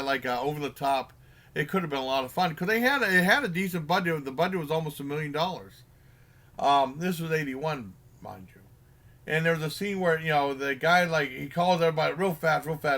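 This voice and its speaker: A man's voice: fairly high pitch, bright, forceful tone. A man giving a casual spoken movie review, rambling with lots of fillers and restarts and acting out lines from the film. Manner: acts out characters' lines in quick bursts.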